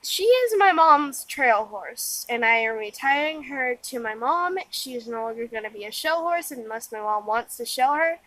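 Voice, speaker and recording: A woman's voice: fairly high pitch, animated, normal speed, few pauses, fairly bright tone, dry recording, low-quality recording. A tired young woman giving a rambling, casual vlog update outdoors in the wind, full of fillers and restarts. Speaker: vlogger.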